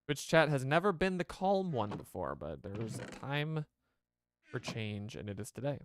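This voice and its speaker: A man's voice: medium pitch, big pitch swings, normal speed, slight background noise. A man streaming a game, chatting casually to his viewers and rambling as he plays. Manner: rambling, chatty, talks to chat.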